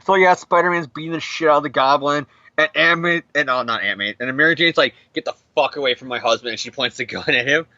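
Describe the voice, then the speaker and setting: A young man breezes through a comic recap, swearing freely and slipping into quick character voices. His voice is bright and fairly high. The recording is dry and a little dull, with no room sound. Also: dry recording. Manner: animated, swearing, acts out characters in quick bits. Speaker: comic podcast co-host. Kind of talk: casual comic recap chat.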